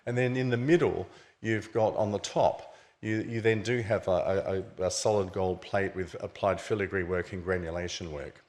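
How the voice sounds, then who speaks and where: This author's voice is low and darkish, with fairly even intonation and a normal speed. At his book launch in a museum event venue, he gives an illustrated lecture, casually explaining the objects on his slides.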